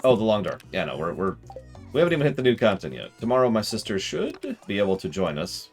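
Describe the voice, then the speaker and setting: A man's voice: fairly low pitch, fast, music in the background. A man streaming a game, chatting casually and joking with his viewers. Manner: chatty, jokey, animated.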